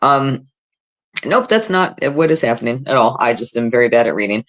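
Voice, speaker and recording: A woman's voice: very deep voice, animated, moderate pace. A woman hosting a casual livestream, reading chat comments aloud and chatting in a self-deprecating, filler-heavy way. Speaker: livestream host.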